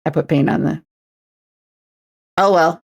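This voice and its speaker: A woman's voice: low-pitched, unhurried, gravelly, slightly rough, highs cut off. A Canadian woman in her twenties chatting on a livestream while painting a model, playful and self-mocking. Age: 20s. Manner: playful and self-mocking, slips into announcer voices. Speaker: streamer. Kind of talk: casual livestream chat while painting a miniature.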